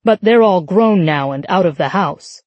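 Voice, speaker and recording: A woman's voice: lowish voice, lively intonation, moderate pace, dry recording, muffled recording. A woman voicing a devoted, teasing husband who tells playful fibs with a straight face. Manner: dry, playful fibbing. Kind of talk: audiobook narration.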